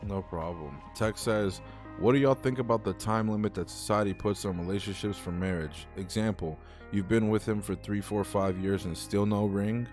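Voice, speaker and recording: Low-voiced young man chatting casually. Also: normal speed, a little mellow, soft background music. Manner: heartfelt, swears freely, rambling. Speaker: talk show host. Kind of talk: casual livestream chat.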